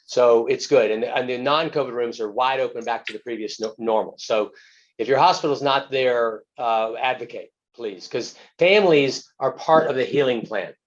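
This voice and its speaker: A man's voice: mid-range voice, normal speed. Earnest man telling a story. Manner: earnest, plain-spoken storytelling. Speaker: physician guest, author. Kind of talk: telling a story from his work. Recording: muffled, lo-fi webinar audio.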